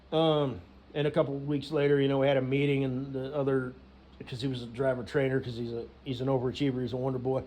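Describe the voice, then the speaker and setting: A man's voice: medium pitch, little pitch movement, brisk, mellow. A man telling a rambling, profane story, filling it with "you know" and laughs. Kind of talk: rambling casual rant.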